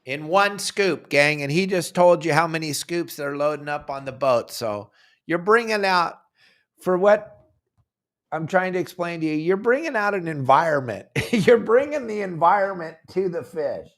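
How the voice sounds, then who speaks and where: A man's voice: a little high, lively intonation, normal speed, a bit bright. A man hosting a fishing podcast, telling stories animatedly with playful impressions. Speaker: podcast host. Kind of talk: casual chat.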